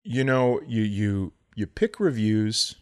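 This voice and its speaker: A man's voice: fairly low pitch, sing-song, takes it slowly, darkish tone, smooth. A man co-hosting a podcast, joking dryly and telling anecdotes in casual chat. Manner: dry, joking, tells anecdotes. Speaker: podcast co-host, comedian.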